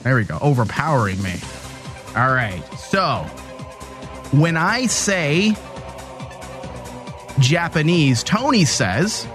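Male show host, lively swooping delivery, slightly high voice, faint music underneath, good for comedic call-in radio. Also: takes it slowly, long pauses. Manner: animated, joking, rambling.

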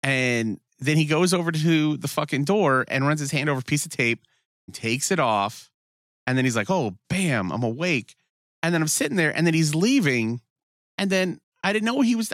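A man's voice: fairly high pitch, lively intonation, normal speed, no echo, studio quality. A man co-hosting a podcast in casual chat, telling stories with profanity and acted-out quotes. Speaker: podcast co-host.

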